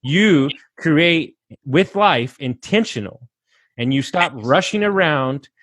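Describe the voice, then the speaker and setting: This guest, a real estate investor, has a slightly high, somewhat bright voice and speaks slowly but animatedly. The clean studio recording has no echo. On this motivational podcast he talks in an emphatic, fired-up way, cursing freely and preaching like a coach.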